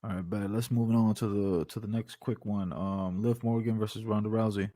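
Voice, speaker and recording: A man co-hosting a casual wrestling podcast, talking in an animated way, swearing freely and ranting with playful bravado. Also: fairly low pitch, normal speed, no room sound. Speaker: podcast co-host. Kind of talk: casual wrestling reaction chat.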